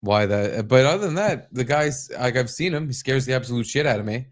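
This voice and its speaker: A man co-hosting a casual podcast, telling stories in an animated way, swearing freely and acting out his own startled yelps. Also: medium pitch, brisk. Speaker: podcast co-host. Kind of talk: casual chat.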